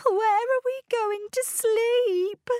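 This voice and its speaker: A woman voicing a worried, tearful mother in a storybook, speaking higher and with a slow, careful read-aloud delivery. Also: huge pitch swings, a bit bright, dry recording, studio quality, heavily acted.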